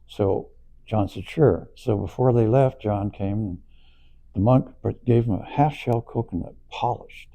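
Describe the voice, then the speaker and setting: Gravelly dark-voiced man telling a story. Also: lowish voice, unhurried. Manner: animated storytelling, acts out quoted voices, laughs while telling. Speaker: storyteller recalling past events. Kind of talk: casual anecdote telling. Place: auditorium, on stage.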